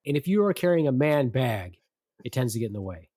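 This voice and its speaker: A man's voice: medium pitch, sing-song, brisk, mellow, no room sound, studio quality. A man co-hosting a podcast, blunt and teasing, swearing freely in casual banter. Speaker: podcast co-host.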